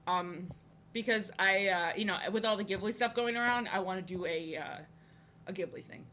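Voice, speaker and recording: The art streamer, a young woman, keeps up a casual live-stream chat as she draws, greeting viewers in a rambling, playful way and frequently stammering into restarts. She speaks at a moderate pace in a medium-pitched, sharp voice over slight background noise.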